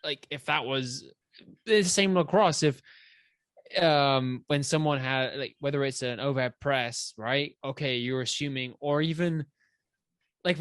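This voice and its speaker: A man's voice: a little high, fairly bright tone, no echo. A man hosting a casual fitness podcast, asking leading questions and giving winding explanations. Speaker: podcast host, trainer.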